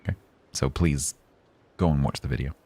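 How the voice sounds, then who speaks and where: A man chatting calmly on a game livestream, rambling with fillers and restarts. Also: very deep voice, moderate pace, husky. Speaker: game streamer. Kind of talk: casual livestream chat.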